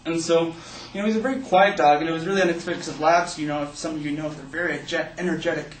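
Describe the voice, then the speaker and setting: A man's voice: on the high side, steady tone, quick pace. A young man telling a personal story as a speech to an audience, in a loose, casual way full of "like" and "you know". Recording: echoey room, distant mic, faint hiss.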